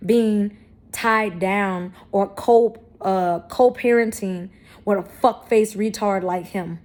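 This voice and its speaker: A woman's voice: medium pitch, slow pace, a little mellow. 30-something woman vlogging, cussing a lot, blunt, keeps hyping herself up with spiritual talk. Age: 30s. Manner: blunt, profane and emphatic; self-affirming, spiritual talk. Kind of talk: candid talk to camera.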